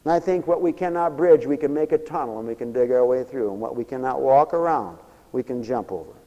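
A man preaching a sermon, swinging from loud high exclamations to low murmurs. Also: a little fast, big-room sound, dull audio.

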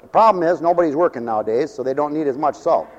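A man's voice: fairly high pitch, animated, fast talker, muffled recording. A middle-aged or older man preaching a folksy, joking sermon that rises into fervent hallelujahs. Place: church mission hall. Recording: echoey hall.

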